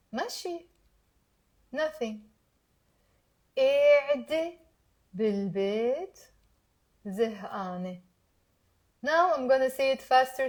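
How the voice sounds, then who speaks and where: Lively Lebanese woman teaching Arabic. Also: sits high. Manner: lively, quizzes listeners, repeats words slowly. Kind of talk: live online language lesson.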